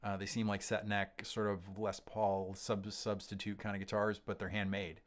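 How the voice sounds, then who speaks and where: A deep, low-pitched man talks through viewer questions on his livestream. He rambles casually, stopping and restarting often with ums, and sounds middle-aged and unhurried. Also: little pitch movement. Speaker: host of a gear livestream. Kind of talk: casual livestream chat reading comments.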